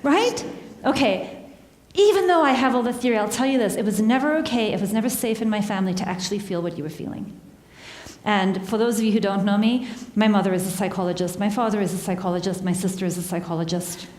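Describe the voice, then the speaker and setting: A woman's voice: medium pitch, fast talker, darkish tone. A woman giving a conversational talk to a live audience, engaging them with questions and laughing at herself. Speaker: workshop speaker. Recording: echoey hall with long reverb.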